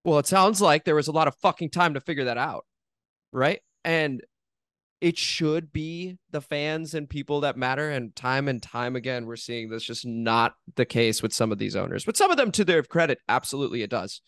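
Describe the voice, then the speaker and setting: A man co-hosting a sports podcast in casual talk, working through his points in a measured way. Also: mid-range voice, animated, fairly bright tone, no room sound, studio quality.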